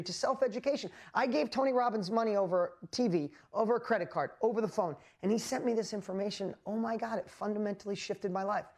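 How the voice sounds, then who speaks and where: A man hosting a live motivational talk, telling his story with animated energy and lots of exclamations, and often asking the audience questions directly. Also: high-pitched. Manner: speaks straight to the audience with rhetorical questions. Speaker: host and motivational speaker.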